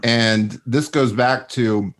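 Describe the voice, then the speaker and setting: A man in a casual podcast chat who meanders, breaks off mid-sentence and laughs a lot. His voice sits in an everyday middle pitch. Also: steady tone, slow pace. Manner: meandering, self-interrupting, laughs often. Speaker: podcast co-host.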